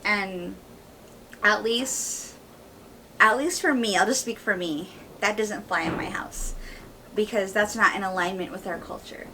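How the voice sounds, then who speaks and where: A woman's voice: mid-range voice, measured pace, pushed and bright, recorded from a distance, a little hiss or hum, poor audio. A woman co-hosting a podcast, speaking candidly and firmly in casual conversation, with frequent fillers. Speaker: podcast co-host.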